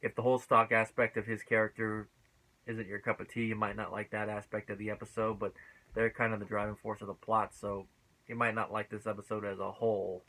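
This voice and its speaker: A man giving a casual spoken review of a TV episode, chatty, laughing often and filling his pauses with "uh". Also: lowish voice, little pitch movement, bright, forceful tone, rough recording.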